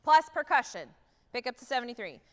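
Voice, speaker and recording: A fairly quick, sing-song woman with a slightly high voice leads a wind band rehearsal from a theatre stage. She keeps things upbeat and direct, counting off and vocalizing how each note should go, while the livestream picks up long reverb from the hall.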